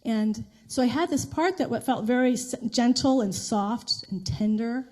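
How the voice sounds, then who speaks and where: A middle-aged woman minister giving a sermon in a conversational storytelling way, with restarts and soft laughs. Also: fairly high pitch, measured pace. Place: church sanctuary.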